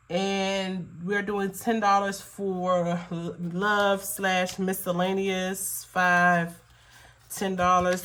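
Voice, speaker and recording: Counting cash aloud into budget envelopes, a budgeting vlogger talks slowly and rambles with frequent fillers. Her voice is medium-pitched and fairly bright, and she's emotional, at times choked up.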